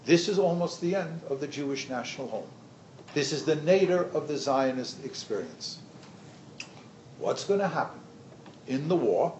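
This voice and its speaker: An older man, a history professor, lecturing teachers in a lively storytelling way and acting out the quoted voices. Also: mid-range voice, roomy sound, muffled recording, slight background noise.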